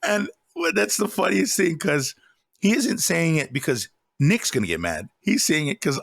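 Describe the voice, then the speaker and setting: A man's voice: on the high side, big pitch swings, normal speed, creaky, a bit bright, dry recording. A man co-hosting a podcast, chatting casually about a movie, rambling and laughing as he retells scenes. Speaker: podcast co-host. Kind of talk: casual movie review chat.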